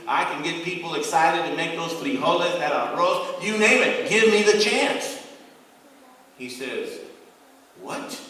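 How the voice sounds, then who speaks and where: A man's voice: on the high side, pushed and bright, slight background noise. A middle-aged man from the United States gives a motivational speech to students, acting out the dialogue of his story. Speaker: guest speaker. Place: large echoey school hall. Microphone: far from the recording mic. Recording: echoey hall, far-off voice.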